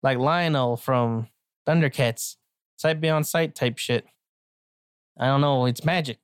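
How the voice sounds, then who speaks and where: A bumbling, self-important male detective with a low, dry, deadpan delivery, done by a woman in her own low voice. He blusters through his lines as if they were grand, recorded close and dry. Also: slow, clean tone, dry recording. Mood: blustery. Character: bumbling pantsless male pet detective, gruff and self-pitying.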